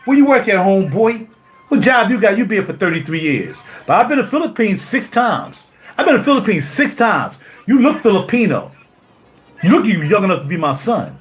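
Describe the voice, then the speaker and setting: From his home music studio, a YouTuber in his fifties delivers an indignant live-stream rant full of repetition and rhetorical questions. He speaks at a moderate pace in a high, sing-song voice, and faint music can be heard behind him.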